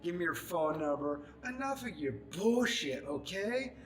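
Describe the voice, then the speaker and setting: A man's voice: sits high, sing-song, unhurried, roomy sound, slight background noise, poor audio. Angry ranting man in his forties. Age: 40s. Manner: angry ranting, mocking voices, growing louder and shouting. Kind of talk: ranting monologue to camera.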